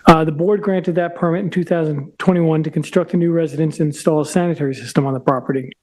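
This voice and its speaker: Hoarse man presenting to a zoning board. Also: on the high side, steady tone, a little mellow, low-quality recording. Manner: halting, with frequent restarts and throat clearing. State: hoarse, losing his voice. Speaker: applicant's representative at a zoning hearing. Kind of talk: formal presentation at a public meeting.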